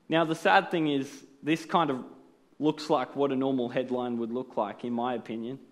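A man's voice: a little high, animated, normal speed. A man preaching a sermon in an earnest, explanatory way, often asking rhetorical questions.

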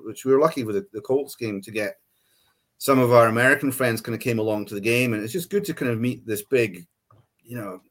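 A Scottish man from Scotland, a podcast guest, explaining things steadily with plenty of fillers. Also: medium pitch. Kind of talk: casual chat.

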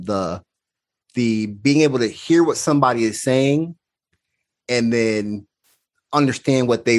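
Earnest male podcast guest with a mid-range voice, reflective storyteller who acts out dialogue. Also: mid-range voice. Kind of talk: personal storytelling in conversation.

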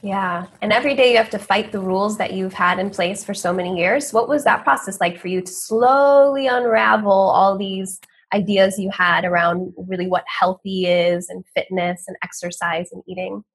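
A woman hosting a podcast interview, asking questions in a gentle, affirming way. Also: medium pitch, fairly even intonation, moderate pace. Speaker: podcast host.

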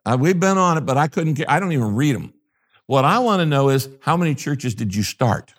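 Emphatic older pastor, preacherly. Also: male voice, fairly high pitch, big pitch swings, fairly quick. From United States. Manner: emphatic, preacherly, repeats key phrases. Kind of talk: interview conversation.

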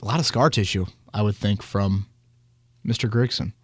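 A man's voice: lowish voice, moderate pace, slightly rough, dry recording. A man hosting a sports podcast in a casual, rambling way, spinning hypotheticals. He is recorded on a close, dry mic. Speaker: podcast host.

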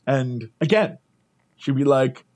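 A man's voice: medium pitch, slow. A man co-hosting a podcast, telling a travel story in a casual chat, laughing often and acting out the voices of the people he met. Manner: animated, laughing, acts out quoted voices. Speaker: podcast co-host. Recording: poor quality microphone.

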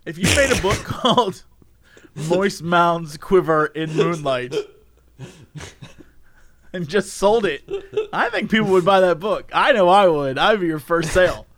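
Playful guy cracking jokes on a podcast, high voice that swings all over. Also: animated, a bit bright. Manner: playful, quick reactions, asks questions. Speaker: podcast co-host. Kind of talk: casual chat.

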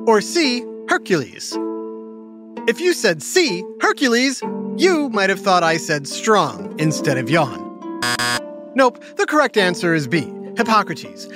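Lively playful kids' show host. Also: mid-range voice. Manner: animated, teasing quiz-style delivery with yawns and sighs. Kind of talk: playful scripted narration for children.

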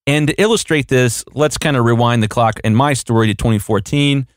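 A man's voice: mid-range voice, a little fast, dry recording. A man co-hosting a podcast, talking casually and with a joking streak, sometimes slipping into playful mock voices. His voice sits in a middle register and comes across close and dry, with no room sound at all. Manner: jokey, acts out little voices. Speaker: podcast co-host.

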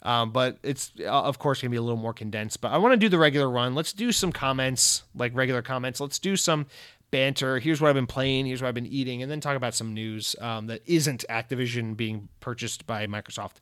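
A man's voice: medium pitch, a little fast, fairly bright tone, smooth, no room sound, studio quality. A man hosting a casual gaming podcast, talking in a loose, jokey, profane way with frequent restarts. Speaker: podcast host.

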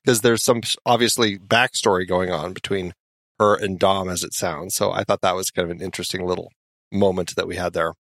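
A man co-hosting a podcast, relaxed in casual film chat, recapping scenes and laughing along. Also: deep voice, brisk, no room sound, studio quality. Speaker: podcast co-host.

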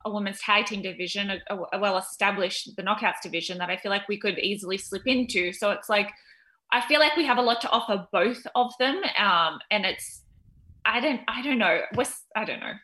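Bright, chatty Australian woman. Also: medium pitch, brisk. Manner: chatty, hesitant fillers, laughs while telling stories. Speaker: guest wrestler. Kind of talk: casual interview chat.

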